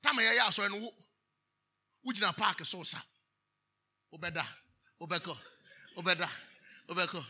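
A man's voice: sits high, takes it slowly, long pauses, bright, forceful tone, husky. A Ghanaian man preaching a sermon, preaching emphatically, drawing answers from the congregation with questions and switching between English and Twi. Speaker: pastor.

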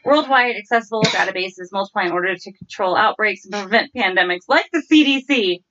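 A woman's voice: mid-range voice, expressive, a little fast, bright, forceful tone. A woman co-hosting a podcast, reading facts from her notes and rambling in a giggly, self-deprecating way. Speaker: podcast co-host. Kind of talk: casual chat, reading notes aloud. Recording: slightly dull lo-fi recording.

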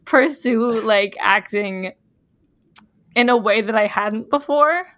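A woman's voice: medium pitch, slow pace, a bit bright. A woman in her twenties co-hosting a film podcast, chatting in a bubbly, giggly, emotional way. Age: 20s. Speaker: podcast co-host. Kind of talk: casual chat.

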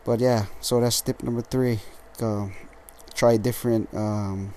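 A tired, lethargic man hosting a casual solo podcast, rambling with halting restarts and frequent swearing. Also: on the low side, steady tone, warm tone, a little hiss or hum. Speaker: podcast host.

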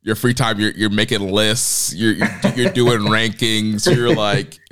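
A man co-hosting a podcast in relaxed, loose casual chat with plenty of fillers. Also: lowish voice, unhurried. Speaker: podcast co-host.

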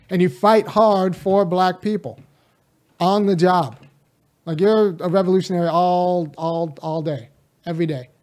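A man's voice: high-pitched, darkish tone. Impassioned man from California talking politics. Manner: impassioned, addresses viewers directly, rambling asides. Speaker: college teacher. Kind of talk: casual political video monologue.

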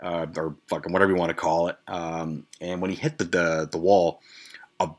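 A man's voice: deep voice, flat delivery, normal speed. A man hosting a podcast, telling a long rambling story with lots of swearing, restarts and fillers. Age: adult with a grandmother. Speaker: podcast host. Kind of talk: casual storytelling rant.

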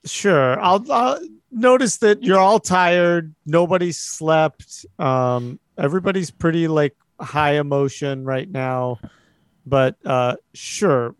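A man's voice: fairly high pitch, takes it slowly, clean tone, no room sound. A man running a tabletop role-playing game as game master, casual and joking with his players.

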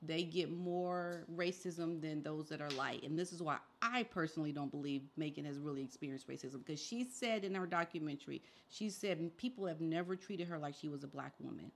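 A woman's voice: sits low, brisk, vocal fry, hardly any pauses, slight background noise. A woman guest on a podcast, giving firm opinions in casual chat and murmuring agreement often. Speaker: guest commentator.

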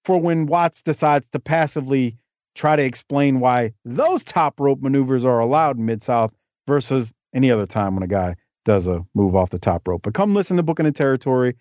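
A man chats as a guest on a podcast, rolling from one story to the next with jokey asides. His voice sits at an ordinary pitch. The audio is dry and slightly dull, like lo-fi podcast sound. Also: lively intonation, fairly quick, a little mellow, dry recording. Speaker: podcast guest, wrestling historian. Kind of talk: casual interview chat.

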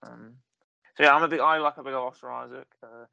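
A man's voice: mid-range voice, fairly even intonation, brisk, vocal fry, pushed and bright, smooth, no room sound, highs cut off. A British man co-hosting a casual chat, rambling and jokey, often hesitating while he hunts for a word. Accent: British English. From England. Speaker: podcast co-host.

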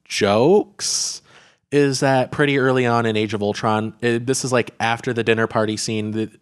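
A man's voice: mid-range voice, fairly even intonation, normal speed, clean tone. A man in casual conversation, talking about a film with lots of fillers and restarts. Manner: rambling, heavy on filler words and restarts. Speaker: podcast co-host reviewing a film.

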